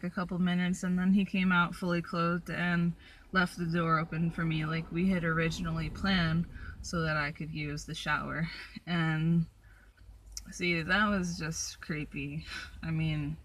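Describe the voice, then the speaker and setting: A woman's voice: lowish voice, a bit bright. Chatty young woman telling road stories. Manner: chatty, many ums and likes. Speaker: solo traveler vlogger. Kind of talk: casual storytelling vlog. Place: in her van.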